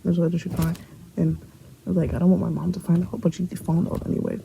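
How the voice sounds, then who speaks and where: A young woman from Brooklyn with a New York accent tells a casual storytime for her vlog, blunt and profane, playing out everyone's lines as she goes. Her voice is dark and gravelly, with a faint hiss of room noise behind her. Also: lowish voice, little pitch movement, normal speed, long pauses, dull audio. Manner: blunt, profane and joking, acts out the other people's lines. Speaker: vlogger telling a story.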